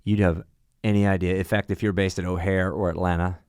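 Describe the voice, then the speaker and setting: Casting: male airline pilot guest, low smooth voice, dry close sound, animated storyteller. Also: brisk, no room sound. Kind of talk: casual podcast chat.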